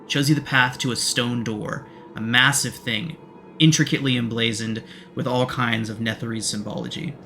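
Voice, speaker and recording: A man running a tabletop game, narrating scenes in a measured, descriptive way. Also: mid-range voice, fairly even intonation, bright, forceful tone. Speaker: game master.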